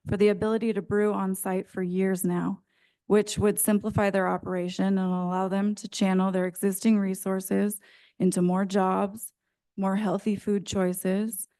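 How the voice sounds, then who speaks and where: A woman's voice: medium pitch, warm tone. A woman reading an earnest prepared statement as a public commenter at a county planning meeting.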